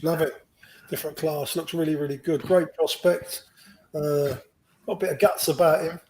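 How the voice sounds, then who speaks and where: Higher-voiced football fan. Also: male voice, fairly even intonation, moderate pace, a little mellow, slight background noise, poor audio. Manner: enthusiastic, rambling. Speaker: podcast co-host. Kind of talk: casual football chat.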